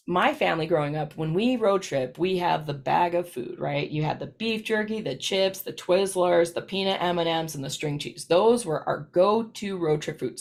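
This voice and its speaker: A woman's voice: on the low side, vocal fry. A woman presenting a lesson to practitioners in a chatty, storytelling way, often checking in with "right?". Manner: chatty, storytelling, frequent "right?" tag questions. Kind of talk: recorded professional presentation.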